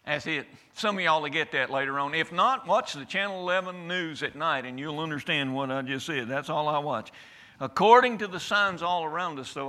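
A man's voice: on the high side, sharp tone. A man preaching a sermon to a church congregation in a folksy, emphatic way, often asking for an amen.

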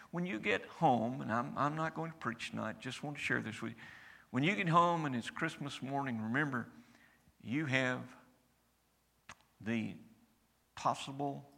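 A man's voice: mid-range voice, creaky, pushed and bright. A man preaching a sermon in a church, earnest and emphatic, building in volume as he goes. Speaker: pastor leading prison ministry. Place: church sanctuary. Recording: long hall reverb.

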